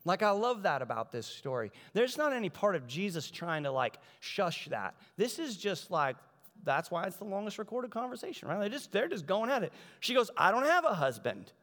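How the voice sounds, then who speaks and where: A man preaching a sermon in a conversational, animated way, acting out the voices of the people in the story. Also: high-pitched, moderate pace. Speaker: pastor. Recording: large hall reverb.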